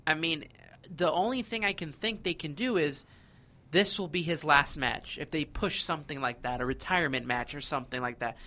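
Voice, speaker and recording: Bright-voiced male podcast co-host. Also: on the high side, normal speed. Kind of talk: casual wrestling podcast chat.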